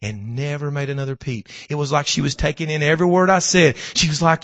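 A middle-aged male pastor delivers a sermon in a high, gravelly, hoarse voice. He swings from fervent preaching to hushed storytelling. The bright sound rings with a long hall reverb. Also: moderate pace, hardly any pauses.

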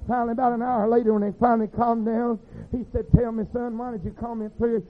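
High-voiced preacher, tinny recording. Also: male voice, flat delivery, quick pace. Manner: rhythmic, folksy, swings from hushed to shouting. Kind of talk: sermon storytelling. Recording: tinny phone-like sound with faint music.

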